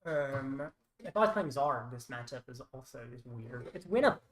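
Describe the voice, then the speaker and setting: A woman streaming a card game who mutters her plays aloud in a wry, thinking-out-loud manner. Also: rumbling low, expressive, moderate pace. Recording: roomy echo.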